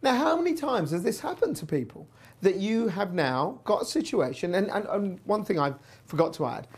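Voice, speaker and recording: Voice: medium pitch, big pitch swings, normal speed, slightly rough. A presenter telling a personal story in a chatty, wry way while hosting a news show. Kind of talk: casual news commentary.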